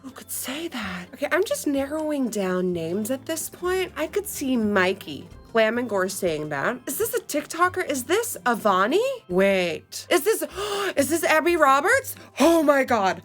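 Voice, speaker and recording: A woman hosting a beauty vlog talks through makeup steps in a casual, chatty way. Her voice sits on the high side and swings freely between notes. She exclaims and comments constantly as she goes. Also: measured pace, hardly any pauses, faint music behind. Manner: animated, exclaiming, reading steps aloud with running commentary. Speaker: beauty video host. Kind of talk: casual makeup challenge chat.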